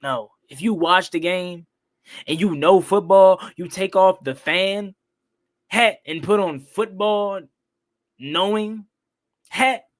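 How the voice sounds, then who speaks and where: A young man hosting a live-stream football recap, excitable and repetitive, ranting and questioning the calls. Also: sits high, takes it slowly, long pauses. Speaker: sports talk host.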